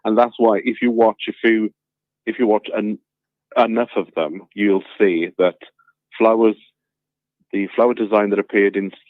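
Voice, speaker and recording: A man rings in and chats in a relaxed, rambling way, pausing on fillers. His voice sits low and comes through a thin, tinny phone line with a dry sound. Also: no echo. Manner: relaxed storytelling, many fillers. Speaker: caller. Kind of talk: casual phone chat.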